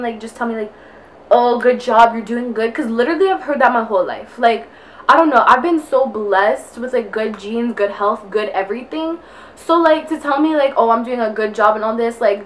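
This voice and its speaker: A woman's voice: on the high side, slight background noise. A young woman vlogging in casual chat while getting ready, out of breath and rambling with constant fillers. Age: young adult. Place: indoors at home, getting ready.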